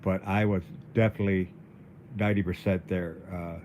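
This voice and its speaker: A man livestreaming in a casual, halting way, dizzy and weak, often repeating his words. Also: deep voice, flat delivery, darkish tone, slight background noise. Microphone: phone.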